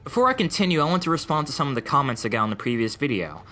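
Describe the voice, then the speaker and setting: A young man giving deadpan, mocking commentary over gameplay clips. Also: mid-range voice, racing. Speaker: gaming video creator. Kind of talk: sarcastic gaming commentary. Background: faint music.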